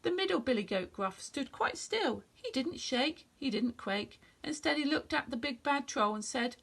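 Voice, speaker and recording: A woman reads a children's picture book aloud, her voice gravelly and a touch husky. She sits a little high in pitch and reads gently and expressively. It is a friendly story-time reading. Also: animated, normal speed, few pauses.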